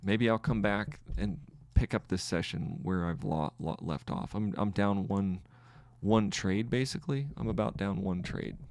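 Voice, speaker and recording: A man on his trading podcast gives live commentary on his trades, pausing and restarting as he adds up the wins and losses. His voice is lowish and creaky with a darkish tone, and the audio has no echo.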